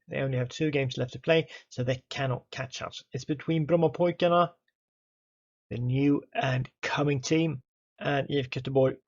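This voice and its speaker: A man calls the action of a football management game in an excitable, chatty play-by-play. His voice sits in a middle pitch. He talks straight to his players and the referee, and the recording sounds a little dull and muffled. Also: creaky, husky. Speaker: gaming YouTuber.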